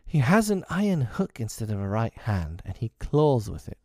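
A man's voice: medium pitch, very animated, moderate pace, mellow, no echo, clean studio sound. A man reading aloud, voicing a proud, commanding boy leader with a clipped, lofty manner.

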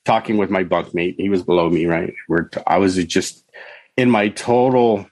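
A man's voice: deep voice, moderate pace, a little mellow, dry recording. A middle-aged man telling his own story in conversation, candid and rambling, with many "you know" and "right?" asides. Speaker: podcast guest, author and counselor.

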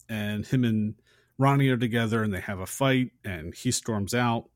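Low-voiced man retelling a film scene. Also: no room sound, clean studio sound. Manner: retells scenes in long chains of "and". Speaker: podcast co-host. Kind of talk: casual film discussion.

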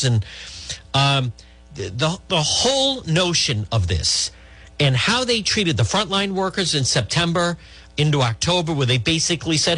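A man's voice: on the high side, sing-song, moderate pace, fairly bright tone, dry recording. A middle-aged man hosting talk radio, giving blunt, rambling political opinions with many restarts.

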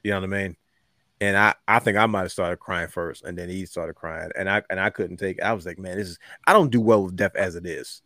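A man hosting a casual podcast chat, heartfelt and unhurried, with many fillers and pauses. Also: sits low, steady tone, bright, forceful tone, dry recording, studio quality. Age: adult with a young son. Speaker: podcast host.

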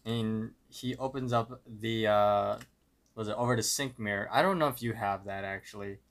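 A man's voice: on the low side, normal speed, a bit bright. A young man co-hosting a podcast, easygoing, often trailing off and correcting himself. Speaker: podcast co-host. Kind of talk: casual chat.

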